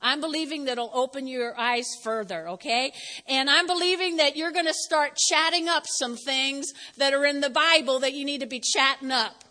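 A woman pastor preaching a lively sermon in a church, talking straight to the congregation and acting out the people in her story. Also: sits high, moderate pace, long reverb tail. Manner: lively, talks straight to the congregation, acts out quotes. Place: church sanctuary.

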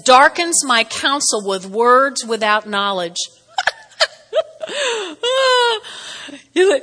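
A woman's voice: fairly high pitch, a bit bright, long reverb tail. A woman preaching a sermon in a chatty, playful way, acting out quotes with rising emphasis.

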